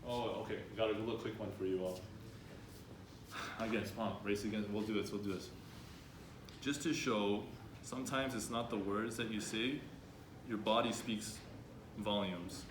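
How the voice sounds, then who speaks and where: A man runs an interactive workshop for a room of students, upbeat and drawing the audience in with questions. His voice is lowish with fairly even intonation, at normal speed with long pauses. The room is echoey, with faint background noise.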